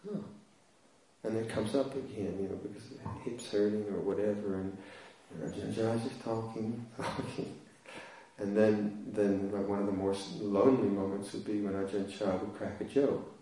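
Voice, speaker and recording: Mellow-voiced monk in echoey hall. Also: male voice, on the low side, fairly even intonation, normal speed, recorded from a distance. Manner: humorous, self-deprecating storytelling with frequent laughs. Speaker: Buddhist monk teaching. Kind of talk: dharma talk with personal anecdote.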